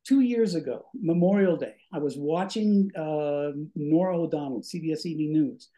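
Guesting on a podcast, an older ex-radio DJ shares animated stories, performing the voices himself and getting a bit breathless. His voice is a little high and his pace moderate.

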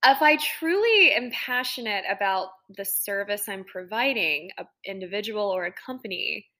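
A woman's voice: mid-range voice, lively intonation, moderate pace, bright, forceful tone. A woman co-hosting a podcast, talking candidly and self-critically in casual chat. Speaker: podcast co-host.

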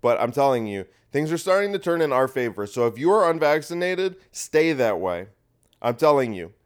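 A man's voice: mid-range voice, sing-song, moderate pace, clean tone. A man hosting a podcast, talking in a rambling, crude and sarcastic monologue with frequent restarts. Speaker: podcast host. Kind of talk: casual monologue.

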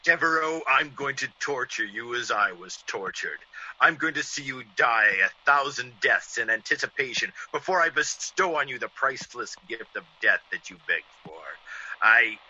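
A man's voice: mid-range voice, animated, moderate pace, pushed and bright, husky, full character voice. An actor playing a man who acts out a vengeful ex-convict, in theatrical 1940s radio acting. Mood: menacing. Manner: theatrical, menacing in the scene within the scene. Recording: dull lo-fi old radio recording.

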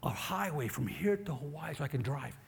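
A man's voice: on the high side, expressive, fairly quick, gravelly, big-room sound, voice pushed down. A man doing a meek husband making wishes. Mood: sheepish.

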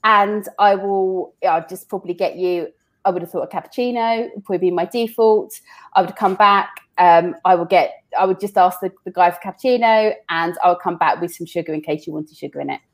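A woman's voice: fairly low pitch, brisk. A woman talks through her working life in a casual interview. She is chatty and loose, often stopping to restart or repeat a word before carrying on. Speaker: business owner guest.

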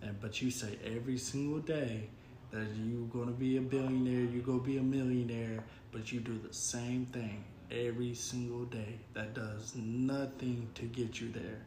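A man's voice: medium pitch, little pitch movement, normal speed, warm tone. A man co-hosting a casual podcast chat, laid-back and motivational, chuckling often. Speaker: co-host. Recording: echoey room with faint noise.

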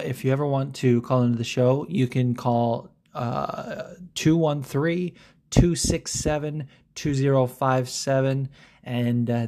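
A man hosting his own podcast in a loose, rambling way. He swears freely and gets excited, and his voice sits at an ordinary middle pitch. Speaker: podcast host. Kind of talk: casual solo podcast chat.

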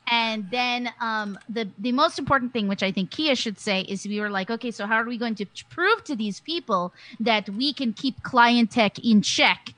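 Woman player, chatty recap voice, bright and a bit high, dry close mic. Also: normal speed, few pauses, no echo, rough recording. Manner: chatty, laughing, with many fillers and restarts. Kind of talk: casual recap of a tabletop game.

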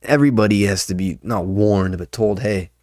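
A man's voice: fairly low pitch, a little fast, darkish tone, no room sound. A young man and open mic comedian, rambling and swearing a lot in a casual podcast monologue. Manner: rambling, profane, ranting.

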